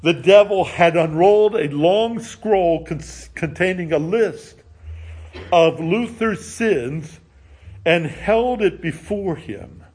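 A middle-aged male pastor preaching a sermon in a slow, measured way, letting his phrase endings drop low and soft. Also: breathy edge.

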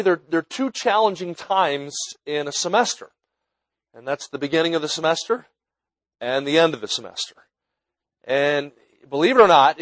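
A man's voice: on the high side, no echo, low-quality recording. A man in his fifties from New Jersey, an evangelist preaching at a college chapel in a folksy, storytelling way, asking the audience to raise hands. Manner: folksy storytelling, chuckling warmth about friends. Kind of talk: sermon. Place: chapel with live student audience.

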